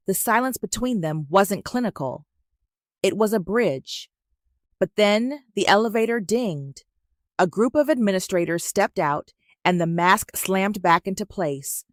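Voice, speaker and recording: A woman narrating a scripted story in a measured, even way, recorded on a close mic. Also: fairly low pitch, no room sound.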